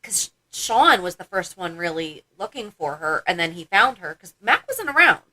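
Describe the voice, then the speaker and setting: Bright-voiced woman co-host, lively and laughing, recapping in casual chat. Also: fairly low pitch, moderate pace. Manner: animated, laughs often, acts out quotes from episodes. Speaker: podcast co-host. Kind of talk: casual fan podcast chat.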